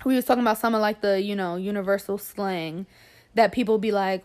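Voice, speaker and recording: A woman's voice: mid-range voice, quick pace, fairly bright tone. A young woman with a New York accent chatting bluntly as a podcast co-host, swearing freely and saying "like" a lot. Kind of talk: casual chat.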